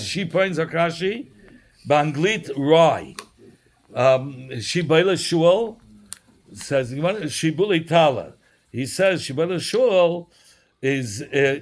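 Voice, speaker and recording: Man, Yiddish-inflected English, Talmud teacher, slightly high voice, explains term by term. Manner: explaining with Hebrew and Yiddish terms, trailing restarts. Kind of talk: Talmud class.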